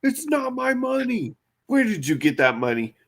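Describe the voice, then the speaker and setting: A man voicing a paranoid adult man who is upset by money he did not earn, in a high, strained voice. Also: very animated, normal speed, heavily acted. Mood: panicked.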